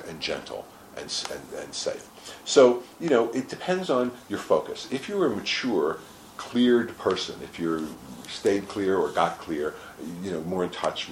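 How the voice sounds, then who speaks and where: A man talking casually as an interview guest, telling animated stories, acting out quotes and swearing freely. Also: rumbling low. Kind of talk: casual explanatory talk. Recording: echoey room with faint noise.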